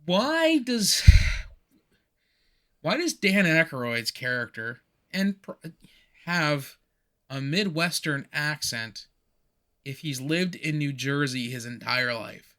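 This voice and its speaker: Brief: male co-host, fairly high voice, bright and lively, laughing through casual movie recaps. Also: takes it slowly, pauses often. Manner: animated, laughing, rambling recaps. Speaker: podcast co-host. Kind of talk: casual chat about a movie.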